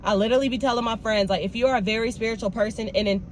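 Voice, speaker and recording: A woman's voice: on the high side, rapid-fire, a little hiss or hum. A young woman, talking casually and animatedly straight to her viewers in a vlog. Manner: animated, talks straight to viewers with "y'all" and "baby". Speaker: vlogger.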